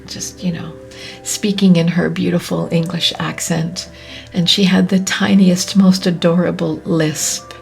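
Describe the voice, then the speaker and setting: A woman hosting a podcast, speaking in a soft, often whispery, reflective way, her voice catching with emotion. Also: fairly low pitch, little pitch movement, a little slow, creaky, soft background music. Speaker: podcast host. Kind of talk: slow reflective monologue.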